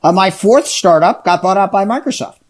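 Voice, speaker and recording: A man's voice: high-pitched, brisk. A middle-aged man, an entrepreneur and interview guest, telling his story with lots of energy and enthusiasm in a casual chat. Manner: energetic, enthusiastic, acts out dialogue.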